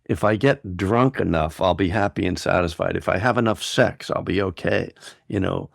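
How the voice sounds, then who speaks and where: A man giving a dharma talk as a meditation teacher, relaxed and discursive and laughing easily. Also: low-pitched, normal speed, creaky, no echo, studio quality.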